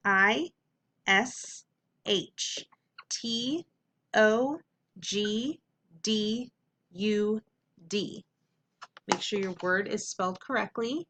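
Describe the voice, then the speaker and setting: A young adult woman teacher giving an upbeat phonics lesson, clearly sounding out letters and syllables. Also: medium pitch, takes it slowly, long pauses, sharp tone.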